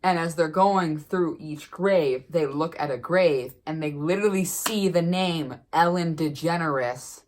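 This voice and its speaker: Low-voiced woman telling a chatty story. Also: a little slow, hardly any pauses. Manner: chatty, animated retelling with lots of fillers. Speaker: vlogger. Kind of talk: casual storytelling.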